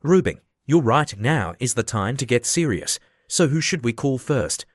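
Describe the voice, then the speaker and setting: Man reading brash scheming young guy, mid-pitched, dry storybook read. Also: very animated, moderate pace, no echo.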